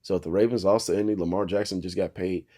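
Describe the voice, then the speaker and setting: A young man hosting a casual sports talk show, giving football picks in a profane, animated, trash-talking way. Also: low voice, fast talker.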